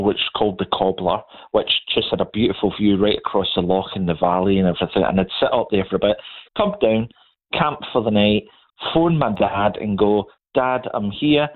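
A man's voice: on the low side, normal speed. A middle-aged man from Scotland with a Scottish accent, telling stories in a casual, chatty way and laughing as he goes. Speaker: guest. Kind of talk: casual storytelling chat. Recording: tinny phone line.

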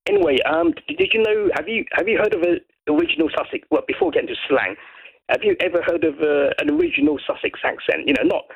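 A man from Brighton rings in to a radio chat show, his gravelly voice dulled by a muffled phone line. He rambles and stumbles, repeating words as he goes. His pitch rises and falls in a lively way. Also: fast talker. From Brighton, England. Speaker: caller. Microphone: telephone.

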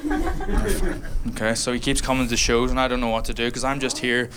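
A man's voice: mid-range voice, flat delivery, fast talker, fairly bright tone. A Northern Irish man doing a brash live stand-up set, riffing with the crowd and laughing through his lines in a small room. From Northern Ireland. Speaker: stand-up comedian. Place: small converted hotel room, live audience. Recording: noisy live club recording.

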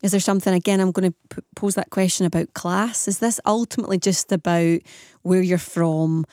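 A woman's voice: on the low side, fairly even intonation, a little mellow, no echo, clean studio sound. A woman presenting a morning radio phone-in, chatty and asking listeners lots of questions. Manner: chatty, asks rapid questions, reads out phone numbers.

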